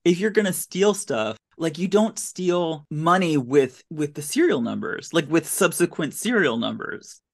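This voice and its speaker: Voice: medium pitch, expressive, measured pace, hardly any pauses. A podcast host giving a casual, comedic recap of a film, with incredulous, sarcastic commentary.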